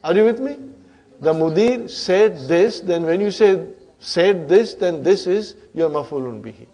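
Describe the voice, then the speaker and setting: A man's voice: high voice, expressive, unhurried, mellow. A man teaching an Arabic grammar class, often checking in with "huh?" and "brothers and sisters".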